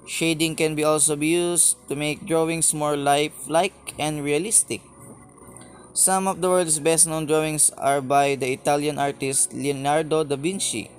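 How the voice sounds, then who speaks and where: A man's voice: on the high side, a little hiss or hum. A man reading a lesson presentation from a script, stumbling and restarting on words. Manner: reads slowly from a script with frequent slips and restarts. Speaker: student presenter. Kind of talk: read-aloud lesson presentation.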